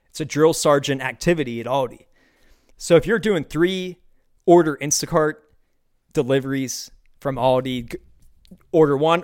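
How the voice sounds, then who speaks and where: Young male podcast host, fairly high-pitched, animated and profane solo comedy rant. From United States. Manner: animated, profane, ranting with quick bursts of enthusiasm. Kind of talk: casual comedic monologue.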